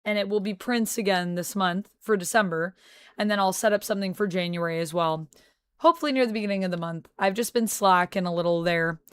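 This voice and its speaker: A woman hosts a relaxed livestream, chatting and answering her viewers one by one. Her voice sits in a middle register and comes across smooth and clear. The sound is dry and close, with no room echo. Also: mid-range voice, brisk. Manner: chatty, answers chat messages aloud. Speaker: streamer. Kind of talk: casual livestream chat. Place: home on a military base.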